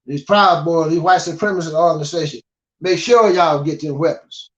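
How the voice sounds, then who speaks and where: A man's voice: a little high, normal speed, a bit bright. An older man from the United States gives a blunt, scolding monologue and keeps asking "you understand?". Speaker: guest speaker. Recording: dull lo-fi audio.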